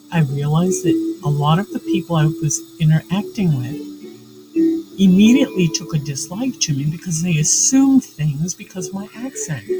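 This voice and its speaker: A woman's voice: fairly low pitch, rough recording. A woman from New York chatting casually and rambling as host of a livestream, with frequent fillers. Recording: loud music playing under the voice. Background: loud relaxing background music.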